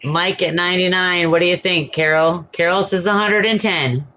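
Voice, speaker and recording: Man stream helper, bright tense tone, slightly high, muffled off-mic sound. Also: steady tone, normal speed, a little hiss or hum. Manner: short, matter-of-fact remarks. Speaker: stream helper reading out bids.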